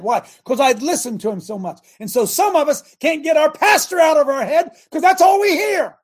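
A man's voice: high-pitched, expressive, a little fast, gravelly, slightly rough. A man in his sixties preaching a sermon in a folksy, impassioned way and repeating lines for emphasis. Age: 60s. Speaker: preacher and show host.

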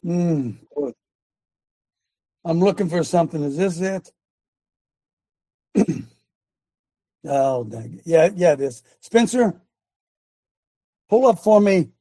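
High gravelly-voiced male preaching host. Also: lively intonation, slow pace, pauses often, mellow, no echo. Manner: emphatic, preacher-like, directs a producer aloud. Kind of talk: live show commentary.

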